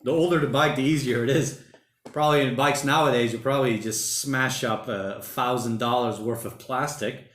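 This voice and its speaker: A man in his thirties hosting a casual solo livestream from home, reading viewer comments aloud and rambling as he thinks out loud. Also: medium pitch, steady tone, moderate pace. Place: home during lockdown. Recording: roomy home room echo.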